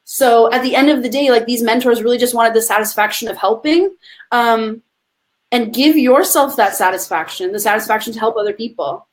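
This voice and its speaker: A woman with a fairly high voice talks fairly quickly as a guest on a conversational podcast interview. She is a coach who speaks with passion and emphasis, treating listeners as friends.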